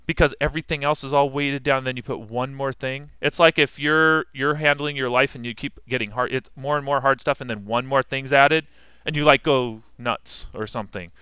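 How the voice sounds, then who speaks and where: A man's voice: medium pitch, steady tone, moderate pace, sharp tone, clear, resonant tone, dry recording, studio quality. A man teaching a history class in a casual, conversational way, asking his students questions and answering them himself.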